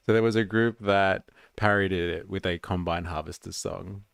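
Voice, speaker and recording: A man's voice: sits low, fairly even intonation, moderate pace, creaky, smooth, dry recording, studio quality. A man hosting a livestream, chatting and joking casually about clips he plays. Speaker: livestream host.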